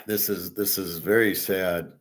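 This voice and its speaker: A man's voice: sits low, fairly even intonation, unhurried. A man hosting his own commentary show, ranting in an indignant, profane monologue. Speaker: host of a betting and gold commentary show. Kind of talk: opinion monologue.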